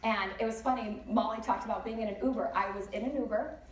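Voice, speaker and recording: A woman speaker giving a lively motivational talk at a conference, telling stories with many chatty asides. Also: mid-range voice, quick pace. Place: large conference hall. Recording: echoey hall, distant mic, faint noise.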